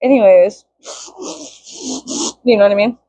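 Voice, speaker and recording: A woman's voice: medium pitch, a little slow, no room sound, phone-quality sound. A young woman vlogging casually, venting with lots of swearing and bursts of mock-outraged shrieking.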